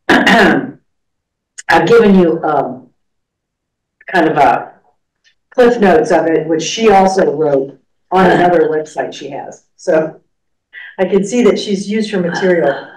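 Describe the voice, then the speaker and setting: A class leader teaching a church study class, talking in a conversational, rambling way with fillers. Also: medium pitch. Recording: echoey room, far from mic.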